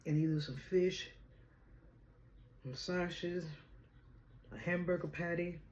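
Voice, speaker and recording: A woman's voice: lowish voice, steady tone, takes it slowly, darkish tone. A woman hosting a casual home video chat, playful and chatty, often laughing. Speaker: vlogger host. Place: at home indoors. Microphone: camera.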